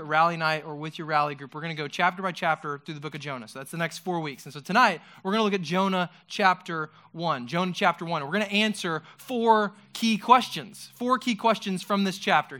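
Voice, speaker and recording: A man giving a casual youth sermon, chatty and animated, with many rhetorical questions and fillers. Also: sits high. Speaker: youth pastor.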